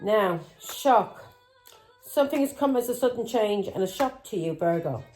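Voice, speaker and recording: A woman's voice: mid-range voice, animated, normal speed, a little mellow, faint music behind, rough recording. A middle-aged woman, a tarot reader who talks in an angry, accusing way, swearing and firing taunting questions. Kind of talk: tarot reading vlog.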